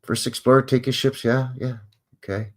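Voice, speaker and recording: A man's voice: mid-range voice, fairly even intonation, moderate pace. A Canadian man hosting a live show, casually reading historical notes aloud and breaking off for wry, offhand asides. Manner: wry offhand asides between read-out facts.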